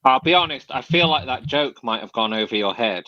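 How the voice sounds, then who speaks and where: A man's voice: medium pitch, animated, brisk, no room sound, highs cut off. A man co-hosting a casual podcast, teasing his partner and retelling jokes playfully. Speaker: podcast co-host. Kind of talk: casual chat.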